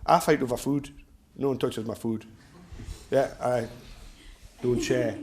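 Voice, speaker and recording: Jokey Geordie self-defence instructor. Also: male voice, medium pitch, fairly even intonation, measured pace, darkish tone. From North East England. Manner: rambling, jokey, laughs at own stories. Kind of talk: casual class talk with anecdotes.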